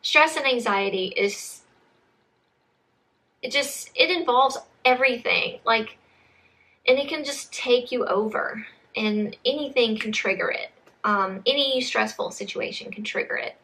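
A woman's voice: on the high side, a little slow, bright, forceful tone. A young woman chatting casually to camera as a book vlogger, rambling with frequent restarts and saying y'all.

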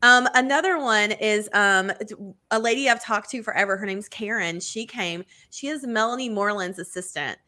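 Talking at normal speed, this podcast co-host keeps the chat casual and her storytelling animated. She leans on "like" and "you know" a lot and performs quotes with dramatic leaps in pitch and bigger voices.

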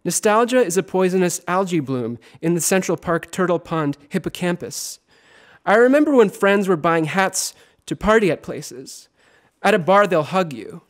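A man performs his poems at a university reading with a high voice. His delivery is theatrical and lively, swinging from loud lines to hushed ones. He sometimes drops into chanting repeated words. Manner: chanting repetitions. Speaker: poet. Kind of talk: poetry reading.

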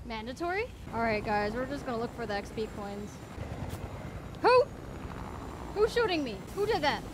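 Young woman game streamer, excitable and squealy, very high and bouncy voice. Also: background noise. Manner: excitable, squealing, quick to laugh and shout. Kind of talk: live gameplay commentary.

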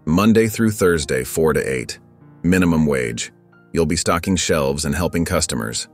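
A gruff, curt older shopkeeper, as a man voices him in an audio story. The voice sits very deep, with soft music far behind. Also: animated, moderate pace. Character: gruff older male hardware store owner.

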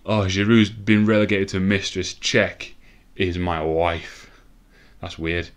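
A young man commentating a football game excitedly, nervous and swearing, with laughing bursts. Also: low voice, takes it slowly. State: out of breath. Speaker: gaming commentator.

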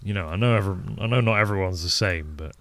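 A man's voice: low-pitched, fast, a bit bright. A man with an English Midlands accent chatting casually on a live game stream, rambling, answering chat and swearing offhandedly. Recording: noisy stream audio with mouse clicks.

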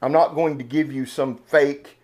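A man's voice: mid-range voice, fairly even intonation, unhurried, darkish tone. Fired-up man with a drawl. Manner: fired-up, earnest, emotional, rambling with restarts. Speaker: knife channel host. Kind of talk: casual unboxing vlog talk.

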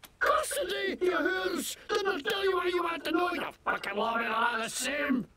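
A man's voice: very high-pitched, very animated, moderate pace, creaky, far from the mic, a loud crowd, heavily acted. An actor playing a shifty, indignant shopkeeper in a video game who fakes a Scottish accent and swears his way through questioning. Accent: put-on Scottish. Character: shifty male fake-Scottish shopkeeper, defiant and loud.

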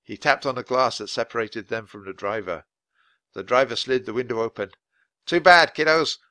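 A man reading a children's chapter book aloud for English learners, in clear, expressive storytelling. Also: fairly low pitch, fairly quick, dry recording. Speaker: audiobook reader.

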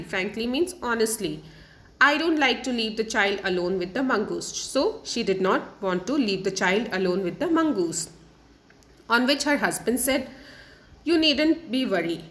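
A woman's voice: on the high side, fairly bright tone. A woman from India who speaks. She is a teacher who reads a story aloud to children, stopping to explain word meanings and repeating each sentence in simpler words. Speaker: English teacher.

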